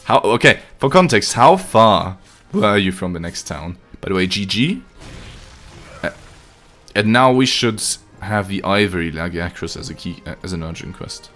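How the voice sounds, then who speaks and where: Joking low-voiced young male streamer. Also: expressive, moderate pace, fairly bright tone, faint music behind. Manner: casual, joking, swears freely, laughs a lot. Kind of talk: live gameplay stream chatting with viewers.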